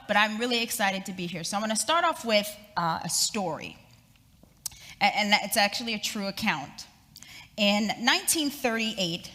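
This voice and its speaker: A middle-aged woman giving a talk as guest speaker, telling a story in a lively, dramatic way, recorded in an echoey event hall. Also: medium pitch.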